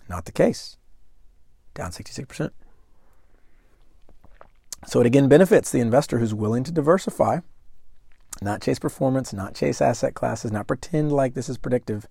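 A man's voice: medium pitch, expressive, normal speed, vocal fry, long pauses, warm tone, husky, no room sound, clean studio sound. A man hosting a solo investing podcast, talking conversationally and emphatically and putting questions to the listener. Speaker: podcast host.

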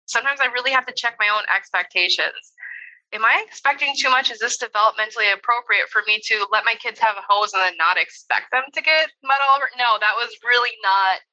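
A woman's voice: medium pitch, highs cut off. A woman in her thirties, a developmental therapist, telling a parenting story in a conversational interview, laughing often and acting out what she said. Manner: animated storytelling, laughs often, acts out her own quoted lines.

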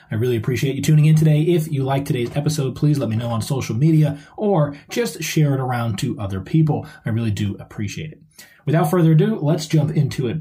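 A man's voice: mid-range voice, dark tone. A man hosting his own podcast as a dog trainer, explaining things step by step in a conversational way.

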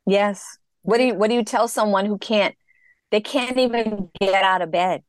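A woman's voice: medium pitch, no echo, clean studio sound. A middle-aged woman telling her personal story as an interview guest, reflective and earnest. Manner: reflective, earnest, slow in places.

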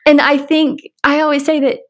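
A woman's voice: sits high, little pitch movement, moderate pace. A young woman with an American accent, a podcast guest chatting casually, often laughing and saying "like". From United States. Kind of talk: casual interview conversation.

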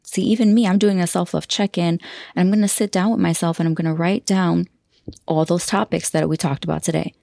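Female podcast host, low gravelly voice, effusive and heartfelt, dry close mic. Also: fairly even intonation, fairly quick, no echo. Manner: warm, effusive, emotional, laughs often. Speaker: podcast host and self-love coach.

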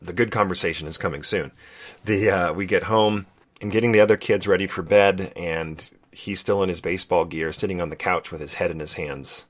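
A man with a low, deep voice shares a family story on his podcast. He speaks earnestly and reflectively, with a quiet emotion running underneath. He sounds like he is in his thirties. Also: fairly quick. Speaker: podcast co-host. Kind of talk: personal storytelling.

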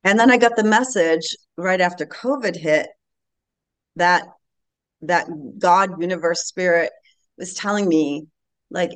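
A woman in her late fifties, a podcast guest telling a personal story in an earnest, animated way. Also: lowish voice, a little slow. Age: late 50s. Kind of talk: casual interview storytelling.

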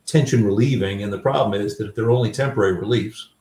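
A man's voice: on the low side, fast, dark tone. An older man, a grandfather and author, telling stories from his life in a reflective, self-deprecating way with many fillers and restarts. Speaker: guest author. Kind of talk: storytelling in a conversation. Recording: roomy sound, a bit far from the mic.

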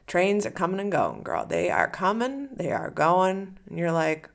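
A woman's voice: fairly low pitch, huge pitch swings, unhurried, creaky, hardly any pauses. A woman hosting a solo podcast as a coach, talking casually and animatedly, acting out the listener's inner voice.

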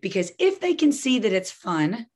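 Woman parenting coach, coaching-session talk, animated delivery, slips into little role-plays. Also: medium pitch, normal speed. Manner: lively, acts out scenarios with voices.

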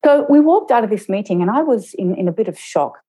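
A middle-aged woman, an intercultural trainer, telling a personal story in a reflective interview and slowing down to stress her points. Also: medium pitch, expressive, mellow, breathy edge, rough recording. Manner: measured, slows down to stress points.

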